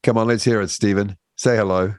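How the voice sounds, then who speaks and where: Low-voiced guy hosting breakfast radio, jokey and laid back, very dry sound. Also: steady tone, brisk, no echo. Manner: joking, easygoing banter. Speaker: radio host. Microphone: studio microphone.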